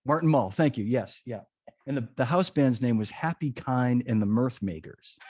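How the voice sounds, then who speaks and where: A man hosting an interview podcast, chatting in a relaxed, slightly hesitant way. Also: medium pitch, moderate pace, dry recording. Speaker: podcast host. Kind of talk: casual interview chat.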